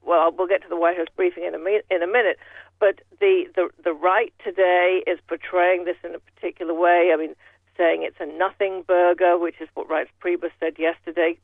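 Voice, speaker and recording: A man's voice: high voice, vocal fry, no echo. Man talking over a tinny phone line. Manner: rambling, many restarts, sardonic asides. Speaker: political commentator. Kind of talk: casual political talk.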